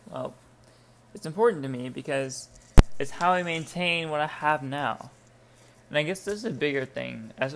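A woman's voice: rumbling low, a little hiss or hum. A woman hosting her own casual podcast, rambling on with frequent swearing and self-mocking asides. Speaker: podcast host.

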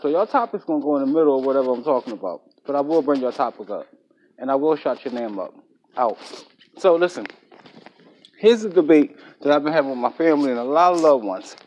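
A man's voice: on the high side, expressive, fast talker, a little mellow, a little hiss or hum, rough recording. A man hosting his own podcast in a casual, slangy and boastful monologue, recording while he works. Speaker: podcast host.

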